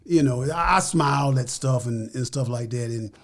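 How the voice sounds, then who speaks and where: A man's voice: medium pitch, moderate pace, vocal fry. An older American man talking as a guest in a casual interview, earnest and full of "you know" and "like I said.".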